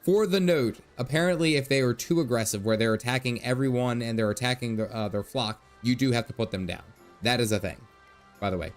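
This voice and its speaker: A man's voice: mid-range voice, brisk. A man chatting casually while livestreaming a video game, telling stories with laughs and asides. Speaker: gaming livestreamer. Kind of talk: casual chat over gameplay. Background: faint game music.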